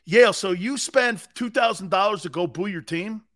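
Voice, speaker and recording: A man with a notably high speaking voice hosts a sports talk show. He rants loudly and with humor, jumping into the shouted voices of furious fans before dropping back to his own chatty delivery. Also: moderate pace. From United States. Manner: animated, acts out angry fans in bursts. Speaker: sports radio host. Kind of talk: loud comic sports talk rant.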